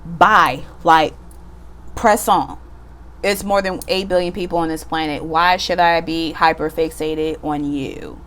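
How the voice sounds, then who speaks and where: Slow, low-voiced chatty woman tarot reader. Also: fairly even intonation, fairly bright tone. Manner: chatty, slangy and self-mocking, swears offhandedly. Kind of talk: casual pick-a-card tarot reading.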